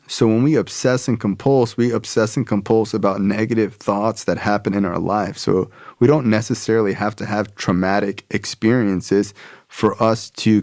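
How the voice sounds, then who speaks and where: Man, low voice, gravelly, casual storyteller, dry close sound. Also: no echo. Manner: casual, relaxed, frequent "like" and "bro". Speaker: podcast guest. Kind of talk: personal storytelling.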